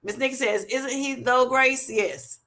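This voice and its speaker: Woman, livestream host, casual chat, bright tone, slightly high voice, laughs a lot, says honey and baby. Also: a little slow. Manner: laughs often, calls viewers honey and baby, reads comments aloud.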